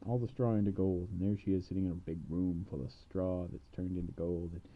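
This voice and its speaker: A man casually retelling a fairy tale in playful slang, punctuating it with shouts of bam. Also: deep voice, flat delivery, a little fast, dull audio.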